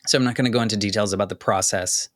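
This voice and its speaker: A man hosting a podcast, speaking candidly and haltingly about a painful loss, choking up at times. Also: on the low side, steady tone, no room sound, clean studio sound. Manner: candid, halting, with many restarts and "like" fillers. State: choking up with emotion. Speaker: podcast host. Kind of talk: personal reflective monologue.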